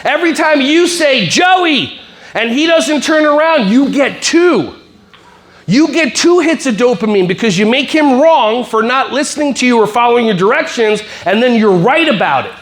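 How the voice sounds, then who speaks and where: Man, high-pitched, comedic motivational talk, teasing, acts out voices. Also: big pitch swings, fairly bright tone. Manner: playful, teasing, acts out kids and teachers in quick voices. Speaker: speaker at a staff wellness workshop.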